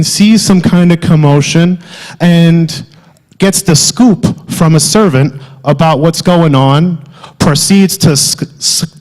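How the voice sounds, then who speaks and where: A man playing a loud, wisecracking South Philly alter ego with a thick Philadelphia accent, delivering a comic sermon. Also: fairly high pitch. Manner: exaggerated, wisecracking, loud street-corner banter. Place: theatre stage. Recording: long hall reverb.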